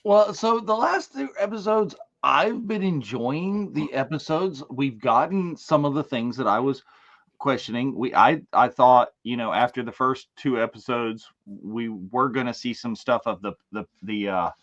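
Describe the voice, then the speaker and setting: Rambling, animated man on a podcast. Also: mid-range voice, a little slow, highs cut off. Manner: animated, rambling with many restarts and laughs. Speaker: podcast co-host. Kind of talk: casual panel discussion.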